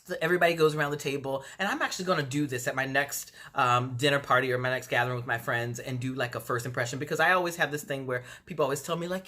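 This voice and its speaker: A woman recapping a reality TV episode in a casual, gossipy vlog, animated and full of acted-out quotes. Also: a bass voice, racing, few pauses. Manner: chatty, gossipy, animated retelling; acts out quotes in exaggerated voices.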